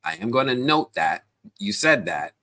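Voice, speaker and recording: A man hosting a casual live stream, chatty and animated, talking straight to his viewers with plenty of slang, fillers and restarts. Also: mid-range voice, moderate pace. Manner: slangy, addresses viewers directly.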